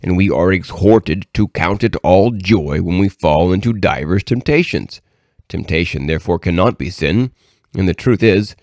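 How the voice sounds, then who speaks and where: A man with a very low voice reads a devotional book aloud in a measured, earnest way. The recording is dry and close, with no room sound. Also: a little mellow, no echo. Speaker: reader.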